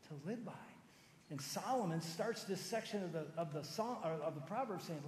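Man, pastor, sermon, high pitched, roomy church reverb, emphatic then hushed delivery. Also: animated, brisk, slight background noise. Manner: personal storytelling, swings from loud emphatic to soft and low. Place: large church sanctuary.

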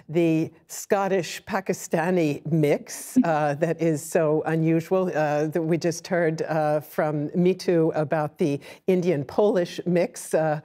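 A woman's voice: on the low side, mellow. A woman moderating a panel discussion, speaking hesitantly with many restarts.

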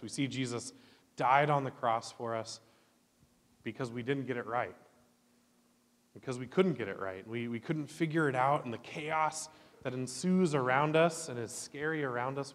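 A man from Oklahoma leading a children's chapel sermon, lively and asking the kids questions. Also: mid-range voice. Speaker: guest chapel leader. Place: church chapel. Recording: long hall reverb.

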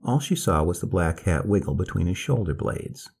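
A man reading a story aloud in a slow, measured manner. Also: deep voice, animated, vocal fry, a little mellow, slightly rough.

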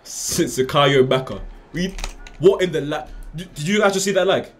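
A young man streaming a game live, trash-talking loudly and often jumping up into high shouts. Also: normal speed. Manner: loud, excitable trash talk, swinging into high shouts. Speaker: gaming streamer. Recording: faint music behind.

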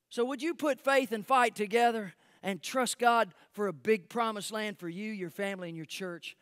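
A man preaching a sermon as pastor, swinging from shouted peaks to hushed, close asides. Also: high-pitched, normal speed, hardly any pauses, clear, resonant tone, no echo. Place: church sanctuary.

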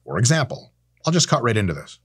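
A man in his thirties hosting a casual monologue, animated and swearing freely, acting out imagined exchanges. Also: medium pitch, fast, breathy edge. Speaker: host.

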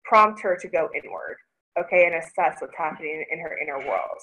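A woman in her thirties with a somewhat low voice gives an informal parenting presentation. She talks in a halting, searching way and keeps restarting her sentences as she looks for the right word. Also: lively intonation, pushed and bright, poor audio.

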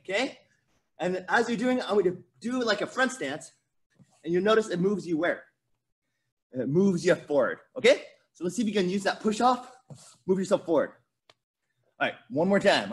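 A man's voice: high voice, expressive, moderate pace, long pauses. A man teaching a virtual martial arts class to kids, coaching energetically and counting out drills. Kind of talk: virtual kids' class instruction.

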